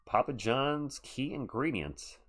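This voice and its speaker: Speaking slowly in a medium-pitched, slightly bright voice with big swings in pitch, a live-stream sports commentator calls the action play by play. Between calls he chats and reacts to messages from viewers.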